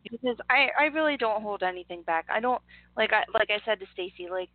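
A woman's voice: mid-range voice, expressive, fast, no echo, phone-quality sound. A woman from Northeast Philadelphia with a Philly accent, co-hosting a radio show in candid, easy chat. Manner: candid, laughs easily. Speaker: radio co-host. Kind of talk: casual chat.

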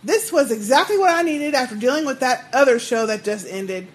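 A woman co-hosting a podcast in casual chat, reading listener mail, animated and profane, laughing often. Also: sits high, fairly quick.

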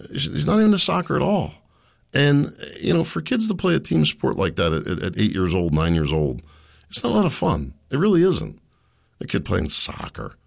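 A man's voice: a bass voice, gravelly, fairly bright tone. A middle-aged man hosting an opinion monologue, ranting sarcastically and laughing scornfully at his targets. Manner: ranting, sarcastic, mocking asides. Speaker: political commentary host.

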